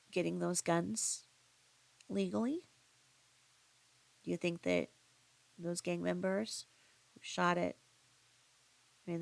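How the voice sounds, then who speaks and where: A woman vlogger talks straight to her viewers in a loose, rambling storytelling monologue. Her voice is low and gravelly, with plenty of vocal fry. She circles back, restarts sentences and drops in side comments as she goes. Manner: rambling, chatty, with frequent restarts and asides.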